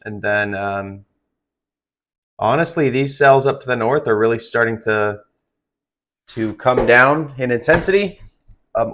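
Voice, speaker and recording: A tired man hosting a live stream of severe weather coverage, talking in a rambling, conversational way with lots of fillers. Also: mid-range voice. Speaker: livestream weather host.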